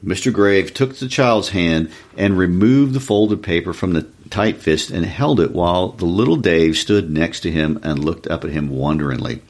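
Man reading a story aloud, very deep voice, calm and even. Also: normal speed, hardly any pauses. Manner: calm, even storytelling with shifts for each character. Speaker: reader.

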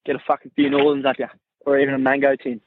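A man's voice: mid-range voice, completely flat delivery, quick pace, no echo. A man with an Australian accent leaving a rowdy, swearing voice message for a podcast. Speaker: listener voice message. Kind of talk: casual voice message. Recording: dry tinny phone recording.

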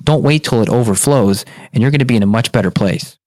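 A man's voice: mid-range voice, fast talker, mellow, no echo. A man, a functional medicine practitioner, speaking earnestly in a podcast interview and telling client stories in a coaching tone.

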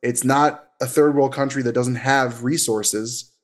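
A man speaking as a therapist guest in a casual podcast interview, talkative and animated, with frequent fillers and restarts. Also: mid-range voice, measured pace. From United States.

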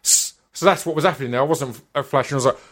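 A man's voice: medium pitch, racing, a bit bright. A man, hosting a podcast and telling a story in casual, sweary chat with stammered restarts. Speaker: podcast host.

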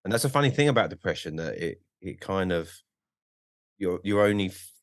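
A man with a very deep voice talks candidly, stumbling over restarts and fillers, swearing now and then. The sound is close and dry, with no room echo. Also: animated, a little fast. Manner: hesitant, many restarts and fillers, swears freely. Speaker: podcast guest, author. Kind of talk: casual chat.

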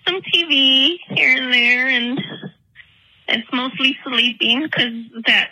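A woman leaving a tearful voicemail for a podcast, halting and full of fillers. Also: a little high, vocal fry, pushed and bright, slightly rough, poor audio. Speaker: voicemail caller. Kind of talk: emotional voicemail. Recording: phone voicemail.

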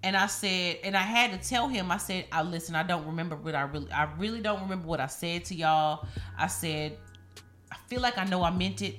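Profane, animated woman telling stories. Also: lowish voice, a little fast. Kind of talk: casual chat.

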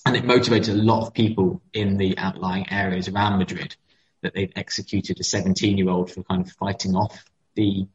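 Low-voiced man in an echoey room. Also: little pitch movement, a little fast. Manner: storytelling, with frequent fillers and restarts. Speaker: podcast co-host. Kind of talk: casual history chat. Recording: echoey, dull-sounding room.

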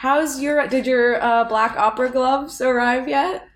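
A woman co-hosting a podcast in casual chat, chiming in with quick teasing reactions. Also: sits high, steady tone, echoey room. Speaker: podcast co-host.

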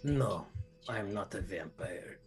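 A man doing a sneering man-eating creature with a thick put-on Eastern European accent. He draws out his threats slowly, and his pitch swoops up and down as he taunts. Faint music plays underneath. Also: lively intonation. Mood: menacing taunting. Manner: slow, drawn-out, menacing taunting. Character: sinister male creature that eats people, mocking. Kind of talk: game master voicing a villain.

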